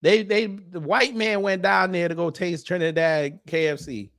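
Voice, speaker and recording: A man's voice: high voice, fairly even intonation, normal speed, fairly bright tone. Joking man reacting to his viewers. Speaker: commentary streamer. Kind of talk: casual reaction commentary.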